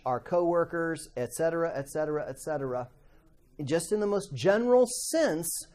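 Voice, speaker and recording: A man's voice: a little high, a little mellow. A middle-aged man teaching a Bible class in a conversational way, asking the class questions and acting out quoted voices.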